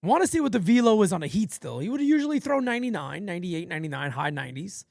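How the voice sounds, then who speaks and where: Man doing loose fan play-by-play, animated and swinging in pitch, dry close sound. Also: fast talker, creaky, dry recording. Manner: rambling, swearing, easygoing banter between pitches. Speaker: play-by-play host of a fan channel. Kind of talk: casual live play-by-play with chat.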